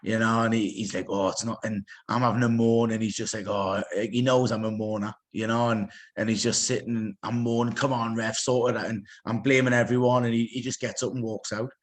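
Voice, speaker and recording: A middle-aged man with a Geordie accent chatting casually as a podcast guest, retelling stories with animated asides. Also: medium pitch, brisk, few pauses. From North East England. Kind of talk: casual chat.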